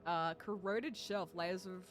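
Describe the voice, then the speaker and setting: A man's voice: high voice, slow, fairly bright tone. A young man streaming a game, chatting casually with his viewers in a giggly, teasing way. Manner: giggly, playful teasing of chat. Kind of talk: casual game livestream chat.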